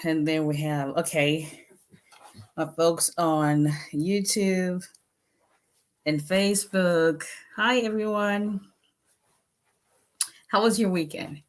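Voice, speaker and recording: A woman with a Nigerian accent, an immigration attorney, chats casually with viewers on a livestream and sounds tired after a long day. Her voice is fairly low and slow with frequent pauses, and she's chatty, laughs, and greets viewers by name.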